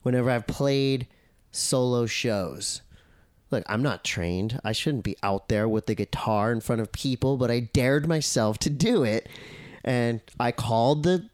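A man chatting as a podcast guest, animated and acting out his own quoted thoughts. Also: medium pitch, a little slow, dry recording, clean studio sound. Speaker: podcast guest, surf commentator and editor. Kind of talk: casual podcast conversation.

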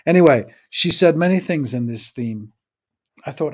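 A man's voice: fairly high pitch, expressive, moderate pace. A man in his sixties, raised in the United States, giving a wry, opinionated spoken essay on his own podcast.

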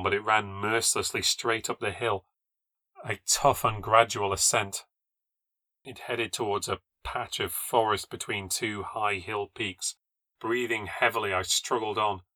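A man reading a first-person ghost story aloud for a podcast, in a measured, low-key storytelling voice that lifts at tense moments. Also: bright, forceful tone, no echo.

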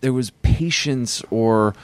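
Halting, musing podcast host. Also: male voice, mid-range voice, clear, resonant tone, no echo. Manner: rambling, halting, restarts thoughts. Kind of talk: casual conversational interview.

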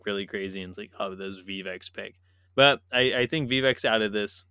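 A man's voice: mid-range voice, bright, forceful tone, clean tone, no echo, studio quality. A man co-hosting a casual sports podcast, talking animatedly, laughing and acting out imagined quotes. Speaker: podcast co-host.

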